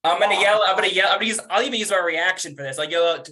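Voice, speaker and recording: A man playing a tabletop role-playing game, excitable, yelling in-character warnings and talking through the rules. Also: high voice, very fast. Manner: excitable, talks rules out loud. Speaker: player.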